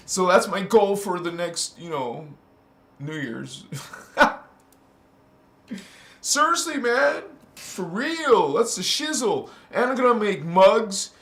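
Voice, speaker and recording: A man hosting a casual spiritual livestream from his bedroom. He laughs a lot and talks in animated street slang. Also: high-pitched, slow pace, long pauses, reverberant. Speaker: livestream host. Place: bedroom, on a squeaky bed.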